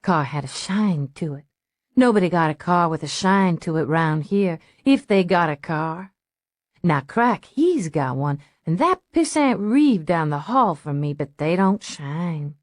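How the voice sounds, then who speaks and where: A woman narrator voicing a strung-out albino female street junkie who drawls in a slow, sing-song way. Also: on the low side, expressive, dry recording, clean studio sound. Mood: drawling. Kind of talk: audiobook character voice.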